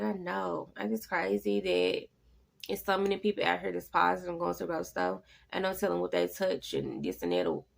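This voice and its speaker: A woman, speaking low with a heavy gravelly fry. She tells a personal story in a relaxed, chatty way, jumping up high and loud whenever she quotes someone, then sinking to breathy near-whispers on the frightening parts. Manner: animated, jumps to high exclaiming quoted lines; drops to hushed, breathy tones when talking about fear. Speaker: vlogger.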